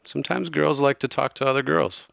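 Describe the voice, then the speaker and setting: A man voicing a calm, solemn female goddess of life who speaks slowly and in a measured way. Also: medium pitch, creaky, no echo, studio quality, pitched above the performer's own voice.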